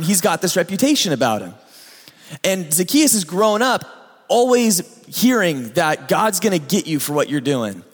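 A man preaching a sermon as a pastor, telling the story conversationally with asides to his listeners. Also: a little high. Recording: echoey hall reverb.

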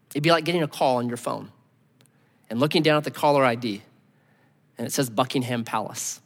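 A man preaching a sermon as pastor, conversational and animated, often dropping to a hushed near-whisper. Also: mid-range voice, a little fast, pauses often, long reverb tail.

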